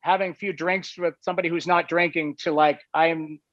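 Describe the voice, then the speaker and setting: A man's voice: a little high, steady tone, brisk, fairly bright tone, no room sound. A man, a guest on a talk show, tells a casual anecdote in a rambling way, full of "like" and "you know". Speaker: guest telling a story. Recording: dull, lo-fi, dry sound.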